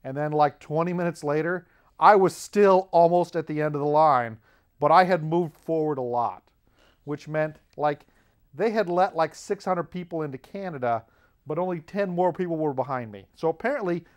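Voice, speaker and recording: Chuckling man with a higher voice. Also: normal speed, clear, resonant tone. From United States. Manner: rambling, chuckles often through his anecdotes. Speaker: podcast host. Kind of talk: comic storytelling monologue.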